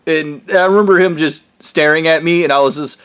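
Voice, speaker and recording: A man's voice: fairly high pitch, fairly quick, a bit bright, clean tone. A man on a heated, rambling rant who swears constantly and trails off mid-thought. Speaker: vlogger. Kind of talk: profane angry rant.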